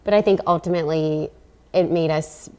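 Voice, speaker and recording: A woman in her thirties talks as an athlete guest on an interview show. Her voice is very low and smooth, and she speaks in a steady, reflective way. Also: normal speed. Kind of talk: casual interview talk.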